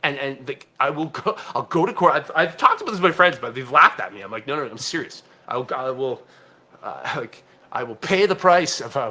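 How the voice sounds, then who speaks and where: A man's voice: medium pitch, pushed and bright. A man co-hosting a casual comedy podcast, stumbling over and repeating words as he rants. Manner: halting, repeats words, ranting. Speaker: podcast co-host.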